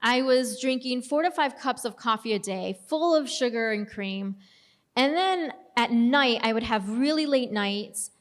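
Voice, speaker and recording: A woman's voice: fairly high pitch, animated, unhurried. A young adult woman telling her own story as a personal testimony, casual and storytelling, with self-deprecating humor. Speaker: speaker giving a testimony. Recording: long hall reverb.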